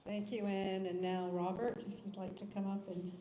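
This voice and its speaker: A woman leading a memorial service, calmly introducing each speaker. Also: mid-range voice, moderate pace. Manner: calm, brief introductions. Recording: echoey hall with clear noise.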